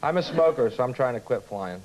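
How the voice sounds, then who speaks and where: An American man, a comedian guest on a talk show, joking in a dry, deadpan way. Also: medium pitch, brisk. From United States. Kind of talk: talk show interview banter. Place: TV studio with live audience. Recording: loud studio audience and noise.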